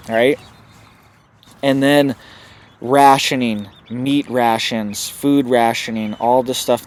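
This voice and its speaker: Male homesteading host, urgent casual commentary at home, mid voice, soft chicken noise behind. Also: mid-range voice. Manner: urgent, repeats "right?" often. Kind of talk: casual direct-to-camera commentary. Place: home setup with chickens nearby. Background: chickens clucking.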